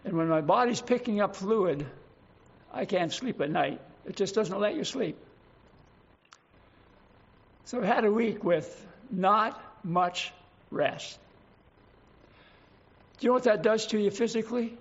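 An older man preaching a sermon, slow and emphatic, lingering on single words. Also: high voice, creaky, slightly rough, lo-fi sound.

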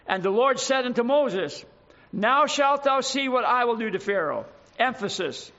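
A man's voice: high voice, fairly bright tone. A man preaching a sermon, reading scripture aloud with dramatic emphasis and adding his own asides. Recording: dull lo-fi recording.

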